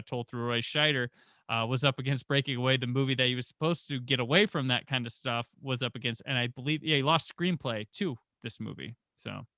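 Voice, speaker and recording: Man, 40s, podcast host, casual movie chat, animated storyteller, bright voice, dry close sound. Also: medium pitch, no room sound.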